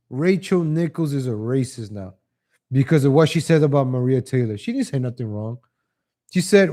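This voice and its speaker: A livestream host with a fairly high-pitched voice gives rambling, casual opinion commentary. He chuckles often and addresses his viewers as ladies and gentlemen.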